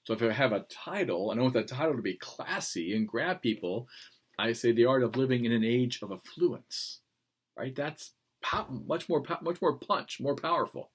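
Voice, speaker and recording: A male teacher gives a lecture on writing. His delivery is emphatic and animated. He leans on key words and slips in playful asides. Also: mid-range voice, moderate pace, breathy edge.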